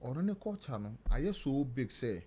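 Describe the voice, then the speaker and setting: A man's voice: medium pitch, big pitch swings, moderate pace, warm tone, breathy edge. A Ghanaian man speaking as a panelist in a casual chat, switching between Twi and English.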